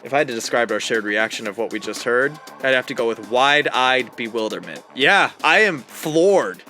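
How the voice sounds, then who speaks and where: A man's voice: medium pitch, brisk, faint music behind. A man streaming a visual novel, reacting and joking aloud between lines of dialogue. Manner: animated, reacts and jokes aloud. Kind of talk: let's play commentary.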